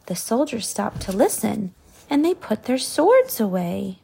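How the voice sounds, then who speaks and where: A woman reading a picture book aloud to a child, slow and soft, with whispered asides. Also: fairly high pitch, very animated, vocal fry, a little hiss or hum.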